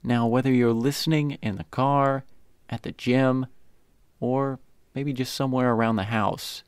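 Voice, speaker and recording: A man co-hosting a podcast, speaking in a measured, explanatory way in casual chat. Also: medium pitch, fairly even intonation, clear, resonant tone, dry recording. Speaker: podcast co-host.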